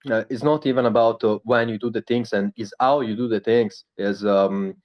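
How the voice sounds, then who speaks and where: Italian guy talking slow and halting, lowish voice, kinda muffled lo-fi audio. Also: steady tone. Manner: halting, searching for English words, many fillers. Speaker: project founder answering questions. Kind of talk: casual live Q&A talk.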